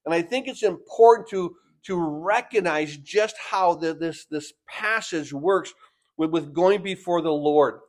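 Delivered by a man whose pitch runs on the high side, this sermon rises to loud emphasis and then drops into soft, unhurried, stretched-out phrases, with words often repeated to drive points home.

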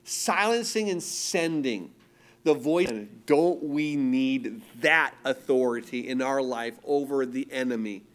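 A man preaching a sermon with emphatic delivery, swinging between loud declarations and hushed, tender passages, often repeating words as he restarts. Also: mid-range voice, slow. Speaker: pastor.

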